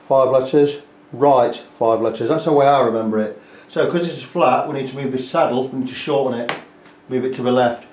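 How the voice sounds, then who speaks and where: A man talks through a guitar repair, explaining each step casually as he works. His voice sits at an ordinary middle pitch, picked up by the camera mic in an echoey workshop room. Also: brisk, darkish tone. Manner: chatty, explains step by step, talks while working. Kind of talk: hands-on repair walkthrough.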